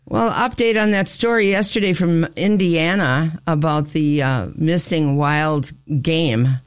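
A man co-hosting a morning radio show, reading odd news with wry joking asides in a gravelly voice. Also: a little high, a little slow, no room sound, studio quality. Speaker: radio co-host. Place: radio studio. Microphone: close studio mic.

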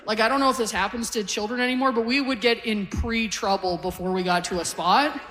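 A woman's voice: a little high, a little fast, a bit bright. Canadian woman in her forties doing stand-up. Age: 40s. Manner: conversational storytelling with punchy one-liners. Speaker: stand-up comedian. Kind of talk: stand-up comedy set. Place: comedy stage before a live audience.

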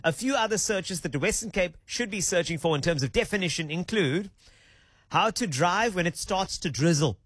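Animated South African radio host man. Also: sits high, moderate pace, husky, no echo, clean studio sound. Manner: animated, chatty and playful. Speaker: radio talk show host. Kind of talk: casual radio chat. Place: radio studio.

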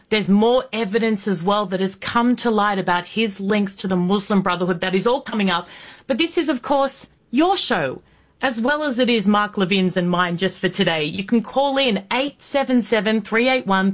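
A woman hosting a talk radio show, effusive and openly emotional as she thanks callers on a studio microphone. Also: mid-range voice.

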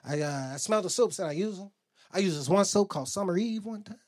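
Stand-up comic, young man, lively profane storyteller, swings his pitch up and down. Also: fast talker. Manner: profane, storytelling, acts out quotes, audience laughs. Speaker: stand-up comedian. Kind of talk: stand-up routine.

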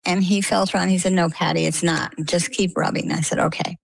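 An older woman recounting a personal story in an interview, animated and full of quoted dialogue. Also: lowish voice, a little fast, gravelly, slightly rough, no room sound, poor audio. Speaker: interview guest. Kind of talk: conversational storytelling. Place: lives on the coast of Maine.

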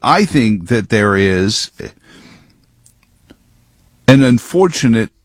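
A man's voice: on the low side, very animated, slow pace, dry recording. A man giving rambling, sarcastic political commentary full of wordplay.

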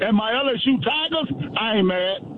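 A man calling in to a radio show, talking with playful, animated trash talk. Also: extremely high pitch, moderate pace. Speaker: caller. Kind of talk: call-in radio chat. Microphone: phone. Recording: muffled phone call with background noise.

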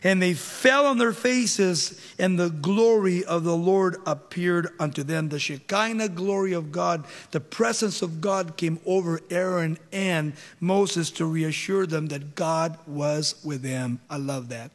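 A man's voice: fairly high pitch, unhurried, few pauses. A male pastor preaching a sermon, emphatic, with rhetorical questions and dramatic retelling, in a church hall.

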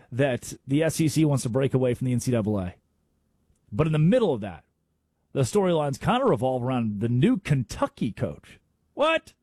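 A man's voice: medium pitch, a little mellow, breathy edge, no echo, studio quality. A man hosting a sports talk radio show, arguing his points emphatically with rhetorical questions. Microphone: studio microphone.

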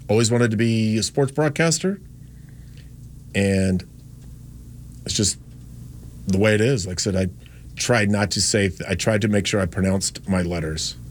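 A man's voice: on the low side, a little hiss or hum. A man in his fifties from the American South, a radio host with a light Southern accent, talking in a rambling, opinionated way and correcting himself often. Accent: Southern US, Carolinas. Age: 50s. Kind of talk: casual radio talk.

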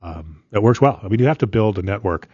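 A man's voice: lowish voice, lively intonation, quick pace, a little mellow, slightly rough, no echo, muffled recording. An older man talking plainly on a radio show, rambling a little with fillers. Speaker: longtime radio news guest. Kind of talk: casual radio conversation.

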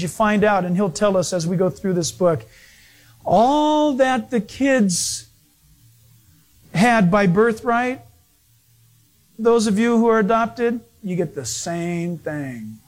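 A male pastor delivers a sermon, his voice sitting high for a man. He tells stories with animation and acts out the people in them. His delivery is a preacher's storytelling. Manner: animated storytelling with acted-out quotes.

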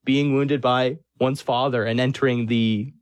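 A man in a mid-range voice asks interview questions. He speaks in a measured, thoughtful way, and the sound is dry with no room echo. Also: mid-range voice, fairly even intonation.

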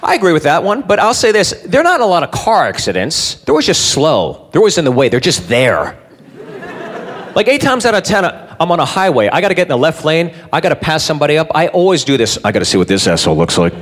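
A man doing stand-up comedy in a crude, animated manner. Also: on the high side, fast. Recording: live show with loud crowd.

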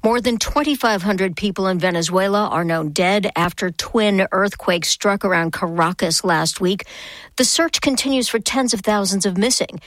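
A woman anchoring a radio newscast in a measured, even delivery. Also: mid-range voice, no echo. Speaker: news anchor. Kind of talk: newscast reading.

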